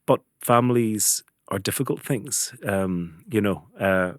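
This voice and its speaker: A man's voice: on the low side, no echo, clean studio sound. A man hosting an interview, asking questions and musing thoughtfully on business. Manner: rapid, thoughtful, reflective. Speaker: podcast host.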